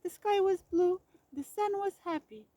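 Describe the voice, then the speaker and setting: Storybook narrator, woman; unhurried, expressive, mellow, dry slightly dull recording. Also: very high voice, no echo. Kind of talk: storybook read-aloud.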